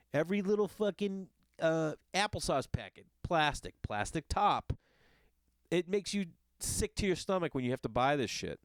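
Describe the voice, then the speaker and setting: A middle-aged man ranting in a casual monologue, swearing often and jumping between loud outbursts and muttered asides. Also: fairly high pitch, no echo, clean studio sound. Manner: ranting, profane, animated. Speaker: podcast host. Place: Los Angeles.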